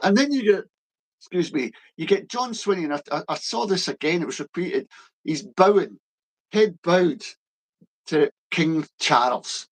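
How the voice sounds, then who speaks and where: A Scottish man co-hosting a political discussion, blunt and emphatic, often halting and restarting. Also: a little high, expressive. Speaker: co-host.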